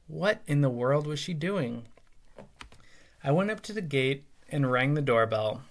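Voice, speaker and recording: A man, a teacher, reading a memoir aloud with lively, expressive storytelling. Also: a little high, a little slow.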